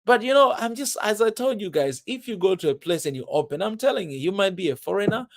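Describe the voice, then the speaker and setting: A man's voice: sits high, expressive, fast. A man from Tanzania, talking to his viewers in a casual vlog, emphatic and full of "man" and laughter. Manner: emphatic, keeps saying "man", laughs often. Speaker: vlogger.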